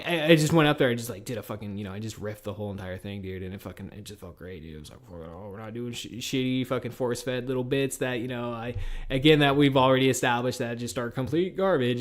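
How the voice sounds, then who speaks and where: A podcast host in his early thirties, rambling casually and swearing a lot in a loose, animated monologue. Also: fairly low pitch. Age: 30s. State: tired and a little high.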